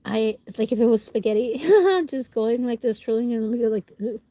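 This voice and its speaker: A woman's voice: a little high, moderate pace, dark tone, dry recording. A woman livestreamer with a stuffy nose, chatting casually with viewers while she eats and answering their comments. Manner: chats while eating, talking with food in her mouth.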